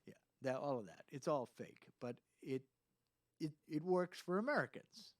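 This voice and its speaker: A man's voice: a little high, animated, normal speed. A man hosting a casual chat, telling rambling anecdotes. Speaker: host.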